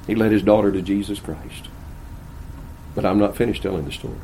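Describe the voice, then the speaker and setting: Older male pastor, folksy humorous sermon storyteller, mid-pitched, echoey church hall. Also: fairly quick, pauses often, warm tone, slight background noise. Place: church sanctuary.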